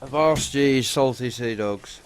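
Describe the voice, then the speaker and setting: A man making dry, laid-back remarks with soft chuckles while gaming with friends. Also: mid-range voice, unhurried. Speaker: co-streamer. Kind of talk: casual gaming chat.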